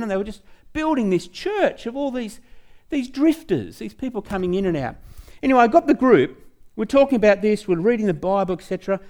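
An Australian man giving a testimony in a rambling, chatty way. His voice rises and falls a lot as he goes along. He keeps coming back to his story with "anyway". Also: high voice. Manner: animated, chatty, trails off with "anyway". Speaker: speaker at a church talk.

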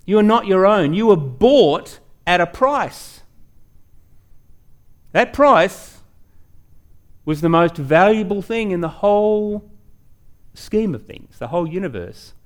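A man preaching a sermon as pastor, emphatic, slowing down to stress key words and questioning his congregation directly. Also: big pitch swings. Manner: rises and falls sharply in pitch and loudness.

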